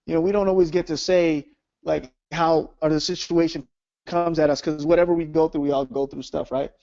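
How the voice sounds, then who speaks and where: Host, male, fairly high voice, earnest storyteller in a casual faith chat, keeps asking "right?", dry, dull lo-fi sound. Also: fairly quick, no room sound. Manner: earnest, animated, often asks "right?".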